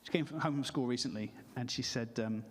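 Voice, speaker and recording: A man's voice: medium pitch, fairly quick. A male comedian doing live stand-up and chatting and teasing the audience. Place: church hall, live show. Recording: long hall reverb.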